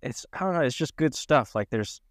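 A man co-hosts a podcast in casual, rambling chat and laughs easily. His voice sits at a middle pitch. It is recorded close and dry, with no room sound. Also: expressive, no echo. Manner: loose, rambling, quick to laugh. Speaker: podcast co-host.

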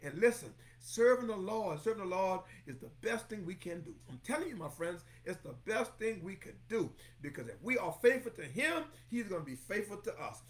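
A man's voice: high voice, sing-song, normal speed, few pauses. A man preaching a Bible lesson, exclaiming often and calling congregation members by name while repeating phrases for emphasis. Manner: repeats phrases for emphasis, breaks into song snippets. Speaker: pastor teaching Bible study. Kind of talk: lively sermon-style Bible lesson.

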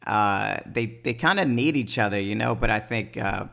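Gravelly-voiced man laughing through recaps. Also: fairly low pitch, moderate pace. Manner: laughs often, relaxed reactions. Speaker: podcast co-host. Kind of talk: casual chat recapping a TV show.

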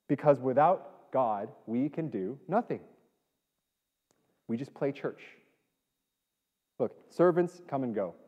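A man preaching a sermon as pastor, emphatic, swinging between loud declarations and hushed lines. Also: on the high side. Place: church sanctuary. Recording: dull sound with long hall reverb.

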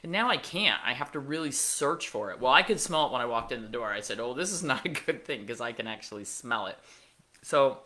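A woman's voice: a bass voice, lively intonation, a little fast, pushed and bright. A middle-aged woman hosting a pet podcast, telling a casual story with wry asides and plenty of fillers. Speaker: veterinarian podcast host.

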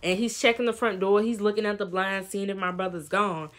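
A young woman vlogger telling a lively storytime in casual slang, acting out what people said. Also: mid-range voice, fairly quick. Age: young adult. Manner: animated, slangy storytelling with quoted voices. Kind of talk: storytime vlog.

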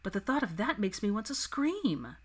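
A woman reading the lines of a refined, headstrong young witch in a crisp, determined manner. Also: mid-range voice, big pitch swings, normal speed, voice pushed up. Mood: frustrated.

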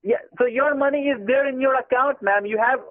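A man's voice: very high-pitched, brisk, no room sound. A man on a phone call, pleading and insistently repeating "ma'am", heard through a tinny phone line. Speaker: scam caller on the phone.

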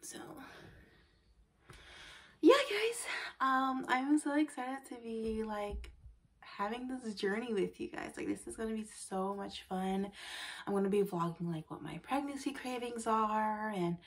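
A young woman chats casually while vlogging to her camera, her voice fairly high, a bit slow, and lively in intonation. She sounds tired and slightly out of breath, fills her speech with fillers, and often slips into a whisper.

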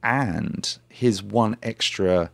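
Man, podcast host, low voice, dry sound, chatty explainer. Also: very slow, gravelly, no room sound. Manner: chatty, explains phrases step by step. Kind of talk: conversational language lesson.

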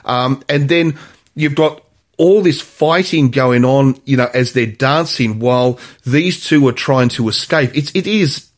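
A man's voice: mid-range voice, a little slow. A man co-hosting a podcast, talking about films in a rambling, casual way with lots of restarts. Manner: rambling, many restarts and fillers. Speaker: podcast co-host. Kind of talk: casual film chat.

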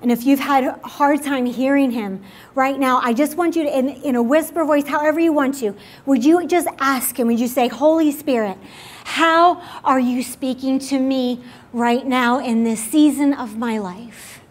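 A woman pastor leading an altar call and prayer in a church service, gently inviting and repeating her words. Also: high-pitched, normal speed.

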